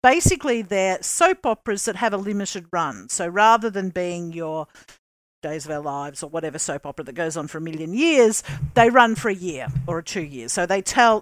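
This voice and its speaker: A woman's voice: fairly low pitch, no echo. Woman podcast cohost, rambly casual chat, lots of ums, dry close mic. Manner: chatty, explains with many fillers. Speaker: podcast co-host.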